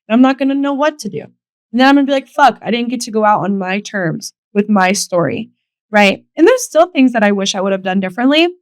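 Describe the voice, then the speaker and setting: A woman's voice: fairly high pitch, no room sound. Candid, swearing young woman podcaster. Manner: candid, emotional, swears freely, acts out quotes. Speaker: podcast host. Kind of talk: casual solo podcast storytelling.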